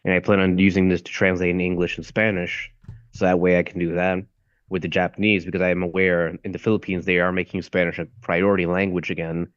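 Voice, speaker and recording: A young adult man, a voice acting student, chats casually, rambling and searching for words. His voice is low-pitched and flat, and he talks fast. The recording is dry and dull lo-fi.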